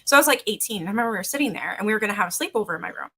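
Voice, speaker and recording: A woman's voice: mid-range voice, expressive, rapid-fire, pushed and bright, husky. A young woman telling ghost stories to her live chat in a rambling, casual way, full of fillers and restarts. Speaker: livestream host.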